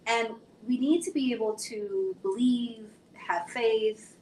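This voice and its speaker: A woman psychologist guest on a panel, explaining her points in a measured way. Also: fairly high pitch, dark tone, echoey room, slight background noise, low-quality recording.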